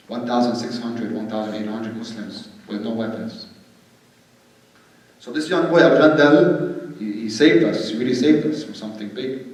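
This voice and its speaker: Male religious storyteller, animated and dramatic, mid pitch, heard off-mic in a reverberant hall. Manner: animated storytelling that acts out quoted speech. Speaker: religious speaker. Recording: echoey hall, distant mic.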